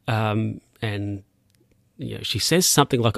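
A man's voice: on the low side, fairly quick, creaky, fairly bright tone, dry recording, studio quality. A man casually recapping a film scene by scene, rambling and correcting himself with plenty of fillers.

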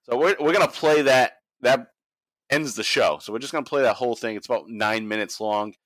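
A man's voice: on the low side, fairly bright tone, no room sound. A man hosting a podcast in casual chat, laid-back and crude with jokes. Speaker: podcast host.

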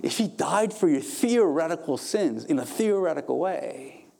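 Man, pastor, sermon, impassioned, emphatic rises and soft drops, mellow tone, slightly high voice. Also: animated, moderate pace, vocal fry. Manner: impassioned preaching, rising to emphatic peaks then dropping soft.

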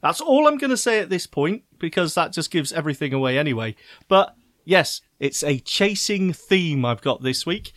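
Lively, jokey British man. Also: a little high, no room sound, clean studio sound. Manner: chatty, jokey, quick to laugh. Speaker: podcast co-host. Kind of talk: casual chat.

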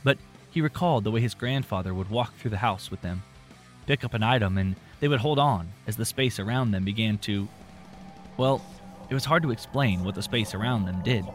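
A man narrating an audiobook in a relaxed, reflective storytelling manner. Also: on the low side, a little fast, soft background music.

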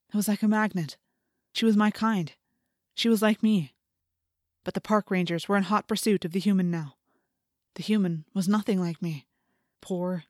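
A woman's voice: mid-range voice, dry recording. Woman reading an audiobook, dry close sound. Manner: measured, steady storytelling with intense, climbing passages. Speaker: audiobook narrator. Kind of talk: scripted first-person audiobook narration.

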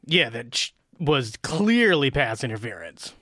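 A man co-hosting a sports podcast, adding quick joking asides in casual chat. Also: medium pitch, sing-song, pushed and bright, no room sound, studio quality. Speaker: podcast co-host.

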